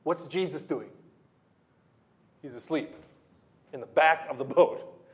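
Male preacher, slightly high voice, emphatic, with rhetorical questions and repeats. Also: slow. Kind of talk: sermon.

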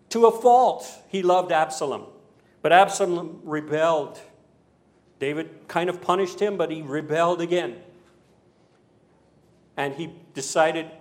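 Male preacher, a touch high in pitch, dramatic sermon storyteller who moves from emphatic to quiet. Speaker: pastor.

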